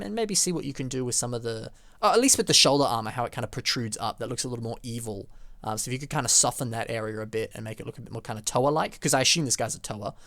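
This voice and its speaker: A man's voice: medium pitch, dry recording. A young man hosting a casual video show, giving rambling, filler-heavy feedback on fans' building projects. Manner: chatty and rambling, full of fillers. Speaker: host reviewing fan building projects.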